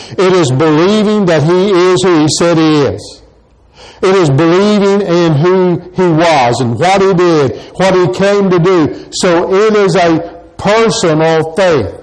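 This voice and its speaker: A man preaching a sermon, slow and deliberate, pausing to stress key words. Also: sits high, poor audio. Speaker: pastor.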